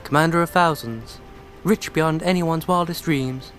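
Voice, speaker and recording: A man's voice: a bit bright, soft background music. A man putting on a sincere young princess. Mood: earnest. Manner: raised pitch, slow, sweetly sincere. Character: earnest young princess, gentle and grateful.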